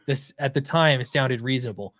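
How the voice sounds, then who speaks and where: A podcast co-host, a man with a medium-pitched, slightly bright voice, speaks at a moderate pace in a dry recording. He tells an embarrassing story casually and at his own expense, often laughing and restarting his sentences.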